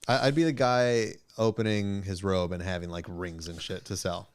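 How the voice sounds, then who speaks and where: A man's voice: sits low, steady tone, normal speed, clean tone. A man co-hosting a podcast, talking in a laid-back, profane way and laughing often. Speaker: podcast co-host. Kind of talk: casual chat.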